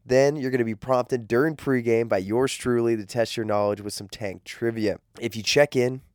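A man hosting a pregame show with energetic, playful hype, his voice nasal and congested from the flu. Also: medium pitch, normal speed, no echo, clean studio sound. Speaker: arena gameday show host. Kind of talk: upbeat promotional hosting.

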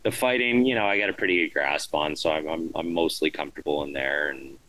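Very deep-voiced laid-back hockey player. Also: male voice, fairly quick, fairly bright tone, dry recording, rough recording. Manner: laid-back, rambling, frequent "right?" and "you know". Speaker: professional hockey player, guest. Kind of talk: casual interview answers.

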